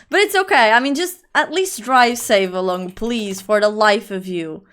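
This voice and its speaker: Speaking at normal speed with few pauses, a young woman with a fairly high, somewhat bright voice hosts a casual livestream chat. Though she has allergies, she rambles on, filling her speech with fillers and addressing her audience as "my love."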